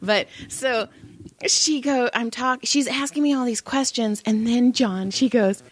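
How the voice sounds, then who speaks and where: This woman co-hosts a podcast and tells a story conversationally, her voice on the high side and her pace measured. She's animated, cursing liberally as she mimics what others said.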